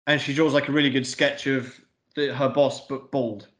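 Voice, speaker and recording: A man rambles through a casual film review, swearing freely and padding every thought with fillers. His voice sits at an ordinary middle pitch. The room around him is echoey. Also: level tone, moderate pace, a bit bright. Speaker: podcast co-host.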